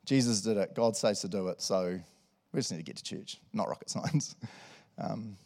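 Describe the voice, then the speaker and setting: Chatty New preacher saying "eh?". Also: male voice, fairly low pitch, moderate pace, a little mellow. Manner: chatty and enthusiastic, with lots of asides and "eh?". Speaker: pastor. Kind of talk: sermon. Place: church service.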